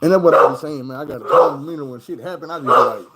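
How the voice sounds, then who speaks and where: Profane, animated man telling a story. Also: a little high, rapid-fire, crowd noise, low-quality recording. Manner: loose, profane street talk; animated, acts out the people in his story. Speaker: streamer. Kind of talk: casual storytelling.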